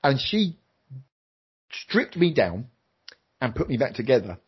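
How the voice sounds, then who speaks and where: This middle-aged interview guest, formerly a TV presenter, speaks a little slowly with a sing-song, slightly rough voice. He relates a personal story openly and energetically, using high voices for quotes, and the lo-fi sound is a bit dull.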